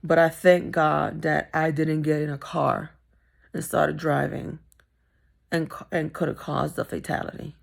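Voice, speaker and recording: A woman's voice: low voice, level tone, measured pace, vocal fry. A middle-aged woman telling a personal story in a vlog, candid and emphatic, repeating phrases for stress. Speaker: vlogger.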